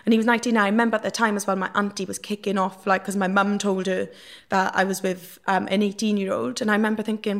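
A woman's voice: medium pitch, little pitch movement, quick pace. A young woman with a Welsh accent, a guest telling stories from her past in a frank, rambling way, full of fillers. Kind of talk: casual candid storytelling.

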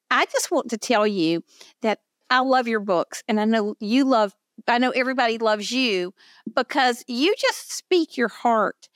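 Older Southern woman, podcast host, effusive chatty delivery, slightly high voice, dry close sound. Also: no echo. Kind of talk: casual interview chat.

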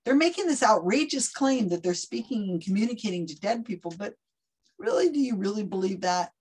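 A woman talking casually in an interview, animated and quick to act out other people's voices as she tells a story. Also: mid-range voice, husky. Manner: animated, acts out quoted voices mid-story. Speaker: guest skeptic of psychics. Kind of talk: conversational interview.

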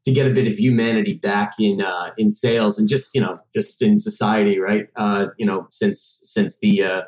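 A man's voice: lowish voice, steady tone, normal speed, a little mellow. A man in his thirties from Massachusetts, a podcast guest chatting casually and rambling with lots of fillers and restarts. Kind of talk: casual chat. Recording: roomy echo.

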